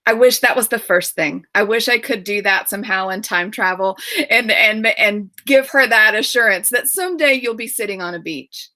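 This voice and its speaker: Woman author, tearful, halting and repetitive, bright dry sound on a video call. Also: medium pitch, no room sound. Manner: emotional, halting, repeats words.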